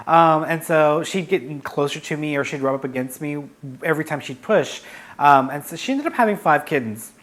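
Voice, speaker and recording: A man's voice: fairly high pitch, moderate pace, fairly bright tone. Chatty man telling a story. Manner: chatty, frank, with frequent fillers and self-corrections. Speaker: vlogger, psychic medium. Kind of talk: casual storytelling.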